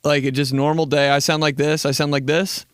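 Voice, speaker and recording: A young man hosting a solo comedy podcast, animated and swearing freely as he acts out little scenes in other voices. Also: a little high, a little fast, clean tone, no room sound, studio quality. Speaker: podcast host.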